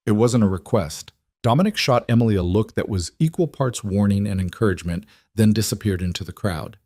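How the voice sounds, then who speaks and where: A man reads scripted story narration in a calm, even manner. His voice is somewhat low, and the recording is close and dry with no room sound. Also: a little fast, no echo.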